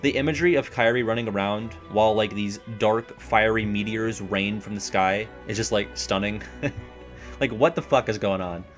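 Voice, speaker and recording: A young man in casual reaction chat about a video game, rambling and excitable, laughing often. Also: lowish voice, normal speed, soft background music.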